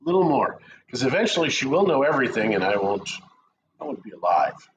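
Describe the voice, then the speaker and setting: A middle-aged man in a relaxed coffee chat, spinning jokey stories with a voice that swoops up and down. His pitch sits in the middle of the range. The stream audio sounds dull and lo-fi. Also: a little fast, background noise. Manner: joking, animated storyteller. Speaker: co-host of a real estate chat show.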